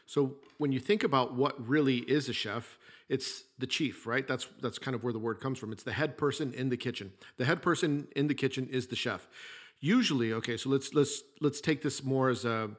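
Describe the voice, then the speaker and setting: Man, middle-aged, former chef, podcast host, casual storytelling monologue, plainspoken, even mid pitch. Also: moderate pace. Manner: storytelling, conversational, plainspoken with mild swearing.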